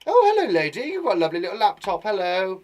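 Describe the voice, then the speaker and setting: A man putting on a squeaky, excitable little character who gushes a chirpy greeting. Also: fast. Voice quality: squeaky, high and bright.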